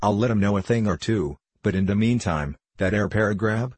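A man's voice: lowish voice, a little fast, darkish tone, breathy edge, dry recording. A man voicing a cocky twelve-year-old printer's boy who talks in a drawling country dialect. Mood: sly, earnest.

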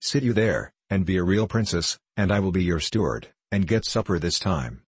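A man's voice: low-pitched, animated, moderate pace, husky, no room sound. A man voicing a kindly, meek old sea captain who talks in a folksy rustic drawl with dropped endings.

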